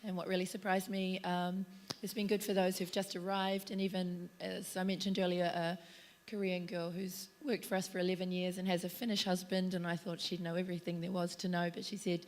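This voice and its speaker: Slightly squeaky-voiced woman on a panel. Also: level tone, fairly quick. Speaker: relocation and onboarding panelist. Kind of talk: conference panel discussion. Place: conference stage.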